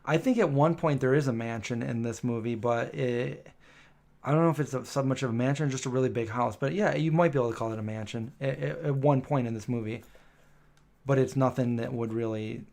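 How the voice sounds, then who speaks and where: Streamer host, male, mid-range pitch: casual, rambling, hesitant live-chat delivery. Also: fairly quick, vocal fry, darkish tone. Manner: chatty, rambling, lots of um and self-correction.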